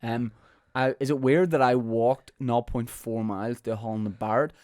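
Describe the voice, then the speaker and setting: A young man with a Northern Irish accent hosting a casual podcast, telling rambling anecdotes with deadpan asides. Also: medium pitch, normal speed, no room sound. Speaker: podcast host. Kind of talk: casual chat.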